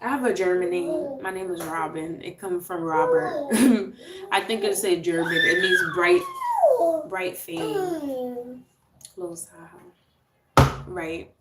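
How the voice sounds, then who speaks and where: A woman's voice: medium pitch, heavy background noise. Chatty woman in her thirties, roomy echo. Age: 30s. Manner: chatty, laughs often, reads viewer names aloud. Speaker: livestream host. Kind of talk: casual live chat with viewers.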